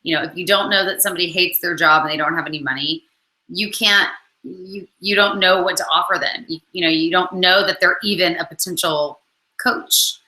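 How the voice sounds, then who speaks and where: Her lowish voice is pushed and bright, with fairly even intonation and a slightly fast pace, in reverberant, poor audio. As a network marketing coach, she hiccups her way through a chatty video for followers, full of "um" and "like" fillers.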